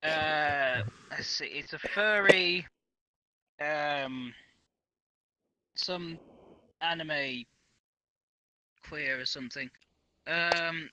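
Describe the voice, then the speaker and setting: A man playing a field reporter in a comedy improv, halting and swearing as he goes. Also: a little high, bright, forceful tone, no echo, poor audio. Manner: halting, swearing, repeats himself.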